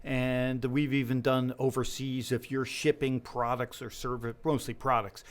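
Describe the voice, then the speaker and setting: This middle-aged business lender has a medium-pitched voice and a measured pace. Speaking casually in an interview, he tells stories with animation, acting out the dialogue himself.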